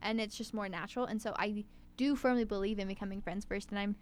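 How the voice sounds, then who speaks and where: A young woman co-hosting a casual chat, bubbly and animated, acting out little quoted voices as she talks. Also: medium pitch, fast talker. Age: young adult.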